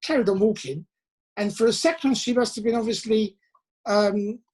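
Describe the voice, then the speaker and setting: A man's voice: high voice, moderate pace, a little mellow, rough recording. A British man in his sixties telling a rambling, self-deprecating story as an interview guest over a video call. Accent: British English. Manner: chatty, rambling, self-deprecating, acts out his own thoughts. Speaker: interview guest, former band drummer. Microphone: phone on a video call.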